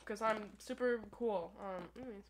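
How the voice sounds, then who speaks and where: A young woman giving gameplay commentary at her computer, full of crude, profane, playful trash talk and quick rants. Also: mid-range voice. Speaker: gaming YouTuber. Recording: noisy recording with keyboard clicks.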